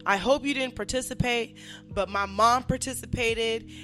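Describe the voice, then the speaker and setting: Loud, laughing woman podcast host. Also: a little high, fairly even intonation, moderate pace, soft background music. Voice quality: loud, laughing, swears freely. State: a little drunk. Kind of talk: casual chat.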